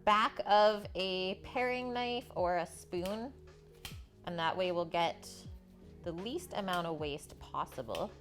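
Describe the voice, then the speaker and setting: A woman's voice: on the low side, slow pace, a bit bright, soft background music. A woman hosting a live cooking stream from her home kitchen, chatting with viewers and reading their comments aloud between steps. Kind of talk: live cooking demonstration with chat replies.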